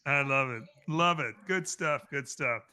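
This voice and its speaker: Easygoing male host, bright voice, relaxed casual chat. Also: mid-range voice, a little slow, clear, resonant tone, dry recording. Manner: easygoing, affirming, laughs often. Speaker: podcast host.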